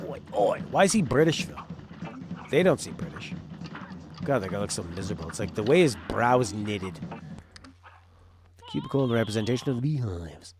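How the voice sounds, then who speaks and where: A man's voice: medium pitch, lively intonation, normal speed, long pauses, a little mellow. A man streaming a video game, rambling through casual commentary with joking asides. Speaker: gaming streamer. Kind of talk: casual live gameplay commentary.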